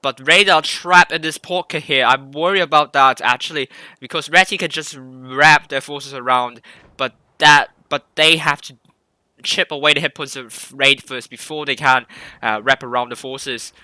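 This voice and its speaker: A man's voice: mid-range voice, fairly even intonation, moderate pace, pushed and bright, smooth, no room sound. A man casting a competitive online tank game live, talking through the play with rambling restarts and self-corrections. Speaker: esports caster.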